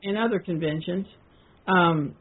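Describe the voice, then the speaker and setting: Husky woman on a tinny phone line. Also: lowish voice, a little slow. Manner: hesitant, with frequent fillers and restarts. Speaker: podcast co-host. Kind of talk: casual discussion of a historical text.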